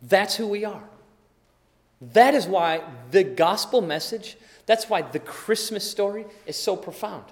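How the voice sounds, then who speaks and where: High-voiced man preaching in a hall. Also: measured pace. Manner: animated storytelling, swinging from loud to hushed. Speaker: pastor. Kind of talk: sermon. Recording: long reverb in a large hall.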